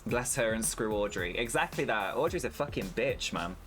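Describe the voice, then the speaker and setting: A man's voice: fairly low pitch, expressive, normal speed, a bit bright, faint music behind. A British man streaming a farming game, chatting candidly and swearing freely with his viewers while he plays. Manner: candid, sweary, talks to chat while playing. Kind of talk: casual gaming stream chat.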